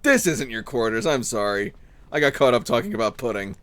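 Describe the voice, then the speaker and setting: A man's voice: medium pitch, fairly quick, no echo. A male streamer giving casual, rambling commentary over a game and telling jokey stories. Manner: animated, joking rambling storyteller.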